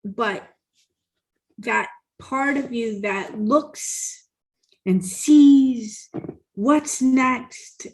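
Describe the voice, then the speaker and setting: A woman's voice: a little high, drawn-out words, pauses often. Woman co-host, casual coaching chat, chatty storyteller, laughs easily, video call. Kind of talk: casual coaching talk show.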